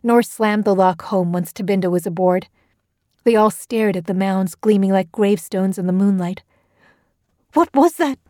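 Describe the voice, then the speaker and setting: A woman narrates a horror story with a steady, measured delivery. Her tone is mellow and dark, recorded dry and close on a studio mic. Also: medium pitch, dry recording.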